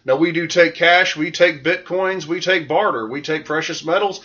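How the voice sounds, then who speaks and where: A man co-hosting a loose, rambling podcast, talking in a bright, forceful voice that sits a touch high for a man. He is from the American South but speaks with no regional accent. The sound is dull and lo-fi. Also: moderate pace. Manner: rambling, jokey, filler-heavy. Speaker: podcast co-host. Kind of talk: casual podcast chat.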